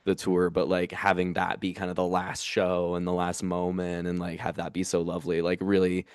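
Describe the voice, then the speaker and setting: A man telling a heartfelt story in a casual podcast chat, animated and full of fillers. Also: low voice, moderate pace, clear, resonant tone, no room sound, studio quality. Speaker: comedian guest.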